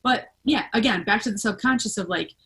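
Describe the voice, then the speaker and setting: A woman hosts a relaxed podcast conversation, talking things through as she goes. Her voice sits at an ordinary middle pitch, and she wanders through her thoughts with plenty of fillers and restarts. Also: a little fast, slight background noise, rough recording. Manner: rambling, thinks aloud with many fillers. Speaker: podcast host. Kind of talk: casual conversational chat.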